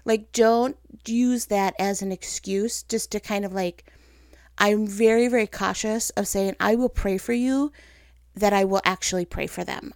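A woman's voice: mid-range voice, gravelly, no echo, studio quality. A woman hosting a casual faith-based chat, telling stories with animation and teasing herself as she goes. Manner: animated storytelling, acting out her own thoughts in voices; self-teasing and chatty.

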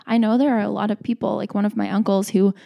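A young woman in her twenties chats casually to camera, her voice mellow and low in tone with a gravelly edge. She talks in loose, rambling sentences full of filler words and restarts. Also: flat delivery, quick pace. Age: 20s. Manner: chatty, frequent "like" fillers and restarts. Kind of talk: casual vlog talk.

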